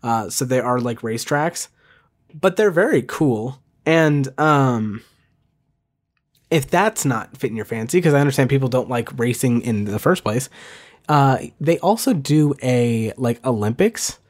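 Man, solo podcast host, casual chat, rambling, fillers, self-deprecating, fast talker. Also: mid-range voice, lively intonation. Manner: rambling, many fillers and restarts.

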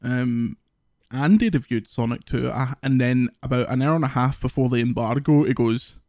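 A Scottish man hosting a podcast, telling lively, sweary stories in casual chat. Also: mid-range voice, normal speed, no echo, studio quality. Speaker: podcast host.

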